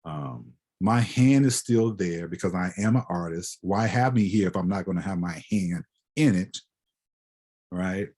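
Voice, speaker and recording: Husky, lower-voiced male guest lecturer, reflective and conversational. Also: a little slow, darkish tone. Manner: conversational, often ends with "right?". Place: lecture hall.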